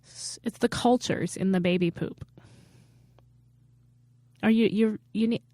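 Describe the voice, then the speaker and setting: A woman at a medium pitch reads out bizarre news items on a comedy podcast, steady and deadpan while her co-host reacts. Her voice is close to the mic, with a dry sound and no room around it. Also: unhurried, no room sound. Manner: reads odd news items deadpan, laughing between them. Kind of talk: casual comedic news chat.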